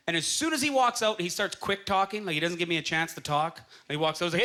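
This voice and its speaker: A Canadian stand-up comedian with a bright, high voice performs a set on a comedy club stage, talking fast and expressively with few pauses. He tells stories and acts out the voices of the people he quotes while the audience laughs in the background.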